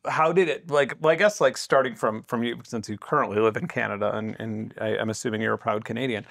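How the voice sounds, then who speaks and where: A man's voice: lowish voice, gravelly, fairly bright tone. Hesitant man hosting a podcast. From United States. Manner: halting, many fillers and restarts while asking questions. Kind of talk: casual podcast chat.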